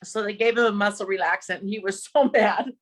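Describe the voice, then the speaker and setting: A woman's voice: medium pitch, fairly quick. A woman telling a personal story of loss in an earnest, emotional way, laughing now and then through her grief. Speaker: podcast guest.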